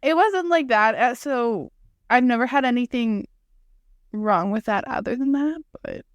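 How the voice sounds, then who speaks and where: Rambling higher-voiced woman chatting. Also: lively intonation, measured pace, dry recording. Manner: rambling, heavy use of "like". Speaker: podcast co-host. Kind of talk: casual chat.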